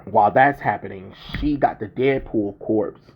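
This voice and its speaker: A man's voice: lowish voice, normal speed. A young man casually recapping a film's plot, rambling with many ums and restarts. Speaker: movie reviewer. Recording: dull lo-fi recording.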